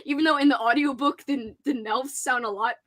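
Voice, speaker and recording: A woman's voice: high voice, a little fast, a bit bright. A young adult woman hosting a casual reading-sprint stream, chatting and laughing often. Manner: giggly, laughs often, playful voices. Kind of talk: casual chat.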